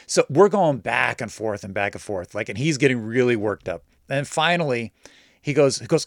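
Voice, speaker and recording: A man casually telling a personal story in a lively way, mimicking the people he quotes. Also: medium pitch, normal speed, no room sound, studio quality. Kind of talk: casual anecdote.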